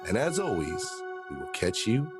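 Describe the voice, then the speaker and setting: A man's voice: on the low side, wildly swooping pitch, moderate pace, loud music behind the voice. A man hosting a podcast in casual chat, emphatic and swearing freely. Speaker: podcast host.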